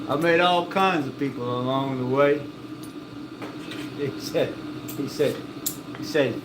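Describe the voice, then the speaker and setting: A man's voice: mid-range voice, slow pace, long pauses, background noise. A man chatting casually and rambling from one joke to the next, laughing at his own stories. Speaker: vlogger. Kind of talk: casual chat.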